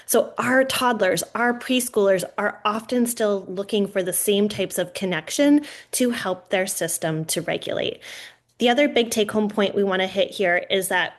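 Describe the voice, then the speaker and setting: A woman giving a webinar talk in an animated, conversational way. She checks in with her listeners often and keeps a friendly, engaged pace at a middle pitch. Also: normal speed. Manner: lively, addresses listeners directly with "right?" and "y'all". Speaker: webinar presenter on early childhood regulation.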